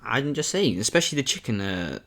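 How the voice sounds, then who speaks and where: A man's voice: mid-range voice, very animated, brisk, gravelly, fairly bright tone. A young man vlogging a mukbang, talking casually and candidly between bites, rambling and often saying "man". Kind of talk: casual talk to camera while eating.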